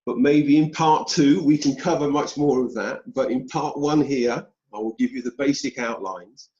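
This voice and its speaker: A British man telling a personal story as an interview guest, slow and deliberate with pauses. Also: medium pitch, warm tone. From United Kingdom. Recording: dull roomy sound.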